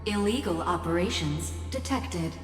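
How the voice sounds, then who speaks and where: A woman's voice: on the low side, unhurried. Figure: a robotic female security system. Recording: echoey reverb with music. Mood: mechanical. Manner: flat, clipped, mechanical announcements. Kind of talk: game cutscene voice acting. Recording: echoey game audio with hall reverb and music.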